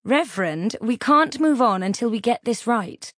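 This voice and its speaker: A woman's voice: a little high, expressive, normal speed, fairly bright tone, no room sound, studio quality, pitched above the performer's own voice. A woman playing a grand, haughty theatrical mother. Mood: imperious. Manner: haughty, clipped and emphatic. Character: grand theatrical middle-aged mother, bossy and dramatic. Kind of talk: audiobook character voice.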